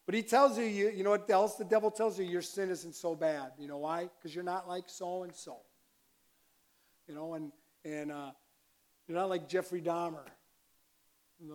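Male pastor, conversational sermon delivery, slow pace, punches key lines loudly. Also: on the high side. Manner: conversational preaching with sudden loud emphasis.

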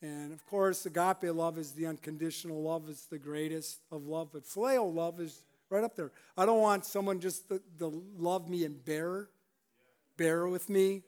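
A man's voice: a little high, fairly even intonation, normal speed, darkish tone. A male pastor giving a conversational sermon, often chuckling and restarting his sentences.

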